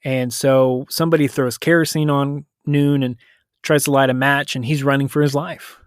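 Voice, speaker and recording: In a flat, mid-range voice, this U.S. man hosting a podcast loosely recounts a story in conversational style, self-correcting and paraphrasing quotes quickly. The recording is studio-clean and echo-free.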